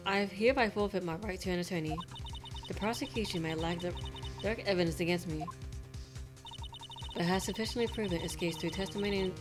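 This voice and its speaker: A woman voicing a calm, resigned young woman defendant in a flat, quiet manner, over game music. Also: lowish voice, close to an everyday voice.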